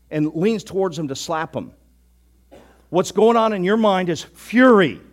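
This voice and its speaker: A pastor preaching a sermon in a conversational, animated way with sudden bursts of emphasis. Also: male voice, on the high side.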